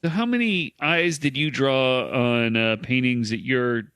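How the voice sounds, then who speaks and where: A man's voice: medium pitch, unhurried, fairly bright tone, clean tone, dry recording. A man co-hosting a comedy podcast, reading out odd news stories with dry asides. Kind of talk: casual comedy chat.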